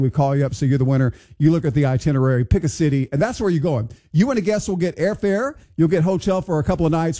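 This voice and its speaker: A man's voice: a little high, mellow. A man hosting a morning radio show, chatting casually and wondering aloud in a bemused, conversational way. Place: radio studio.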